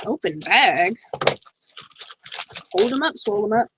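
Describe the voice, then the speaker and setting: A middle-aged woman chatting casually in a thrift haul vlog, excitable and talking to herself as she goes through her finds. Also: medium pitch, measured pace, background noise. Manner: chatty, excitable, talks to herself while browsing items. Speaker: thrift reseller vlogger.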